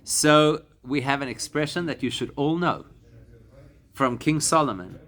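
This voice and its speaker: Rabbi teaching a Talmud class. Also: male voice, on the high side, fairly bright tone. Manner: explanatory, slows to spell out Hebrew and Aramaic words. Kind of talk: classroom lesson to a live group.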